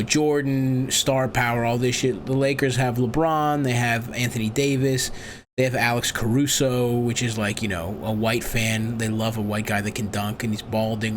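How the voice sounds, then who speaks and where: A man's voice: medium pitch, slight background noise. A man hosting a comedic call-in advice show, crude, profane and rambling, full of boisterous asides. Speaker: host.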